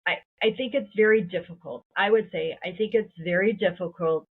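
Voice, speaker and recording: A middle-aged woman co-hosting a podcast, talking reflectively and drawing out key words slowly. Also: lowish voice, husky. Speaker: podcast co-host. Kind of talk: casual conversation. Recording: tinny phone-like sound.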